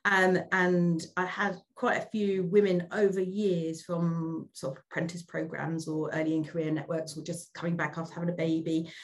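Middle-aged woman guest talking things through, a bit low pitched, restarts her words a lot. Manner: reflective, repeats words when starting sentences. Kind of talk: candid conversational interview.

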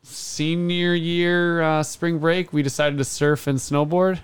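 A man in his thirties telling a long story on a casual podcast, acting out the other people's lines loudly. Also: a little high, takes it slowly, smooth. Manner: animated storyteller, acts out quotes loudly. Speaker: podcast host.

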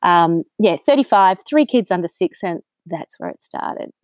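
Candid Australian woman, low voice, dry. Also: lively intonation, moderate pace, no echo. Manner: candid storytelling with frequent ums. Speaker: guest. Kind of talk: conversational interview.

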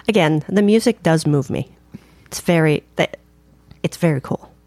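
Goofy woman with a lowish voice. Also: moderate pace, darkish tone, no room sound. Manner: goofy, giggly, punchy. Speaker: podcast co-host. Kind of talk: casual chat.

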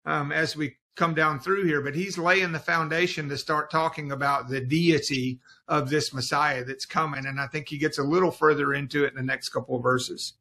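A man's voice: a little high, steady tone, normal speed, few pauses, pushed and bright. A man who is a guest on a Bible study podcast, explaining passages in an earnest way.

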